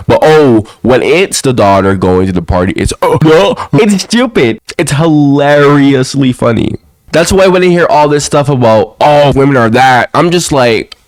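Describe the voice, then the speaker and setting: A man's voice: on the high side, big pitch swings, normal speed, no echo. Young man, sick-sounding voice, blunt slangy rant, sarcastic, dry close sound. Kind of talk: casual opinion monologue.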